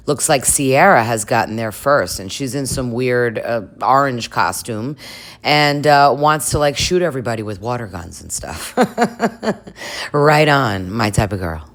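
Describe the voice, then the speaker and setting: A woman with a rumbling low voice speaks animatedly and a little slowly, chatting through a reality TV recap as a vlogger. She gets crude, laughs a lot, and mimics the show's cast with put-on voices.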